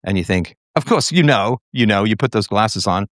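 Low-voiced man hosting a call-in show. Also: lively intonation, dry recording, clean studio sound. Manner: measured, reflective, with repeated phrases and fillers. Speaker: show host taking callers.

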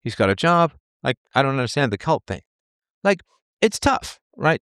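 A man's voice: medium pitch, big pitch swings, normal speed, a bit bright, clean tone, no room sound, clean studio sound. A man delivering an opinion monologue as a commentator, rambling and emphatic, often repeating himself and brushing details aside. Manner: dismissive asides.

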